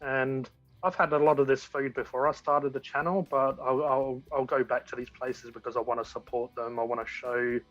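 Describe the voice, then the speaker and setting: A man's voice: mid-range voice, little pitch movement, normal speed, fairly bright tone, no room sound, soft background music. A man as a guest in a casual chat, talking enthusiastically and rambling with frequent restarts. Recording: dull lo-fi audio.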